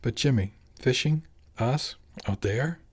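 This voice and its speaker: A man's voice: medium pitch, takes it slowly, darkish tone, breathy edge, voice pushed up. A man voicing a worried, sardonic middle-aged accountant who keeps objecting in casual, slangy speech. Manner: colloquial, objecting.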